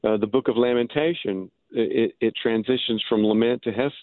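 A man, an author and Bible scholar, explaining things as an interview guest, halting, with many restarts and fillers. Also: medium pitch, dry recording. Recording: dry tinny phone line.

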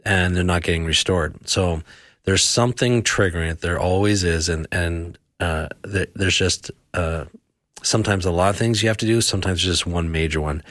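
A man working as a health practitioner on a radio talk show, explaining causes and remedies in a halting way with many fillers and restarts. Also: low voice, fairly bright tone, dry recording, studio quality. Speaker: health practitioner answering listener questions.

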